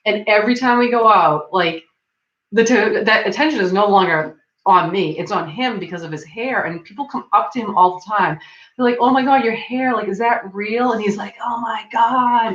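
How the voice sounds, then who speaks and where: A woman's voice: fairly low pitch, fairly bright tone. A young adult woman chatting casually as a stream host, rambling and filling her talk with "like", often laughing. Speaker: livestream host. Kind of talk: casual chat. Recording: dull lo-fi sound in an echoey room.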